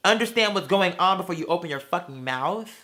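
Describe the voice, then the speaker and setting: A man's voice: high voice, expressive, brisk, pushed and bright. An adult man and parent ranting about a stranger, sassy and brash, swearing constantly and calling people girl. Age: adult with children. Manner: theatrical, mocks people in put-on voices. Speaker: vlogger. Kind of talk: profane ranting storytime.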